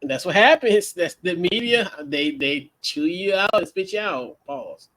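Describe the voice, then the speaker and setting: A man co-hosting a casual sports talk show, playful and quick to laugh. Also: sits high, lively intonation, fairly bright tone. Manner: laughing, playful, hypes people up. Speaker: podcast co-host.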